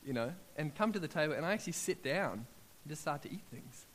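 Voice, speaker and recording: A man in his thirties preaching with lively, story-driven energy. He acts out his own prayers as part of the telling. His voice sits a little higher than most men's. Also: brisk, slight background noise. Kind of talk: sermon.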